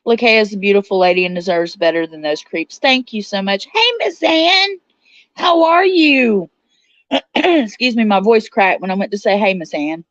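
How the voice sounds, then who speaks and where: A woman's voice: mid-range voice, brisk, dry recording. A woman hosting a casual livestream, chatting and answering viewer comments aloud. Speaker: livestream host reading chat. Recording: dull, slightly lo-fi sound.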